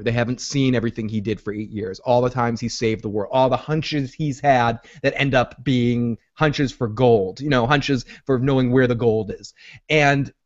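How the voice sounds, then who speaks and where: A man hosting a casual TV recap chat, talking in an animated way. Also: medium pitch. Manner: animated, acts out characters' lines in quotes. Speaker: show host. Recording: muffled lo-fi recording.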